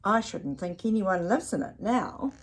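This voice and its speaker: Brief: woman reading as a gentle, helpful park keeper in a storybook, slow and breathy. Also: medium pitch. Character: kindly older male park keeper.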